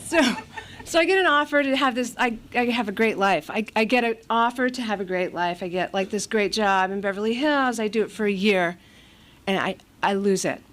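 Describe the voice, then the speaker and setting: A woman's voice: medium pitch, brisk, fairly bright tone. A middle-aged woman from California giving a candid recovery share at a meeting, blunt, profane and self-mocking, with a lot of fillers.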